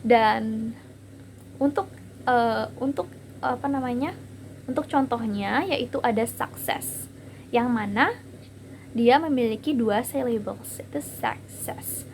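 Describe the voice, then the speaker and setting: A young woman with an Indonesian accent presents a class topic from her slides, her voice sitting a little high. She reads haltingly, often pausing on fillers and saying words twice. A faint hiss of noise runs under the recording. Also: a little mellow, low-quality recording. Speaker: student presenter.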